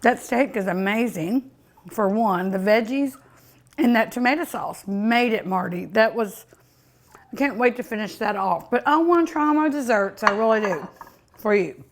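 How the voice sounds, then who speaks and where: A woman's voice: fairly high pitch, moderate pace. A woman hosting a cooking show, tasting her food with many delighted mmms and chatting to her dog and her viewers. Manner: sometimes talks with mouth full. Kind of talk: casual food tasting vlog.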